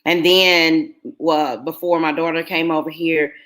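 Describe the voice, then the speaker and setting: A woman's voice: low voice, flat delivery, unhurried, a bit bright. A middle-aged woman, telling a personal story to her viewers in an earnest, emotional way. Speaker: vlogger.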